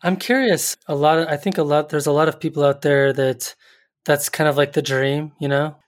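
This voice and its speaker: Chill guy host, asks questions slow and curious, kinda loose. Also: on the high side, steady tone. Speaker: podcast host. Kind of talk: casual interview.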